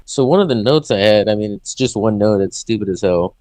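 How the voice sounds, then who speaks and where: A man's voice: fairly low pitch, fairly quick, darkish tone, no room sound. A young man co-hosting a podcast in crude, laid-back casual chat, laughing often. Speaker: podcast co-host.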